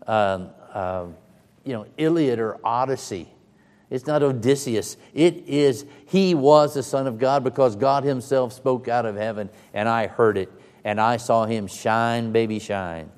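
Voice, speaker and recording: A man's voice: on the low side, unhurried, darkish tone. A man preaching a sermon in a dramatic, emphatic way, sometimes speaking in the first person of the scripture he retells. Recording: long reverb of a large hall.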